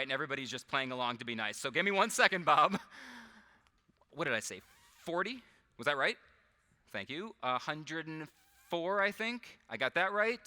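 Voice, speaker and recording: Working with volunteers onstage in a big convention hall, a man presents a comic mind-reading act, chatting, laughing often and putting himself down. He speaks in a bright, forceful voice on the high side.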